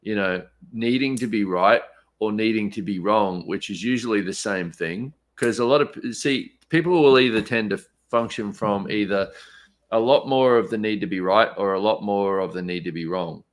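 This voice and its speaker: A man's voice: on the low side, moderate pace. A man in a casual live conversation, talking in a reflective, easygoing way. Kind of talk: casual chat on a live stream.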